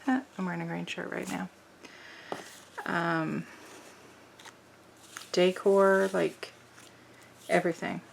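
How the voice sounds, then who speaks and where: A woman's voice: lowish voice, flat delivery, slow pace, creaky, pauses often, a little hiss or hum. A middle-aged woman chatting casually as she works on a craft journal, rambling with lots of fillers. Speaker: craft vlogger. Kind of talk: casual chat while crafting.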